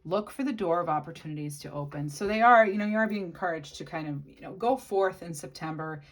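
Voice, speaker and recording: Low-voiced woman giving a tarot reading. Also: fast. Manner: musing, speaks to the viewer directly. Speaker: tarot reader. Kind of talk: casual channeled tarot reading.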